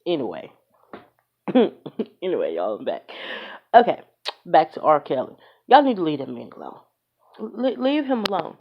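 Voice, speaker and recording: A woman's voice: fairly low pitch, wildly swooping pitch, normal speed, pauses often. A woman giving a blunt, emphatic opinion rant into her phone, as in a casual vlog. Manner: emphatic, blunt, fed-up, conversational. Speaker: vlogger. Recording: dull lo-fi phone audio.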